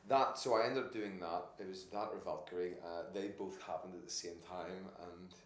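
A man, an actor and podcast guest, telling casual anecdotes in an animated way, laughing often and restarting his sentences. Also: low-pitched, moderate pace. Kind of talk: casual anecdotal interview chat. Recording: echoey room with faint noise.

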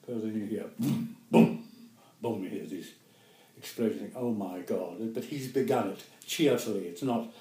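Elderly NZ man, eighties, low-ish voice, rambling chuckling memories, roomy echo. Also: normal speed, warm tone. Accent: New Zealand. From New Zealand. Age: 80s. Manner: rambling, chuckling, self-correcting. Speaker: guest actor. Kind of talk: reminiscing interview.

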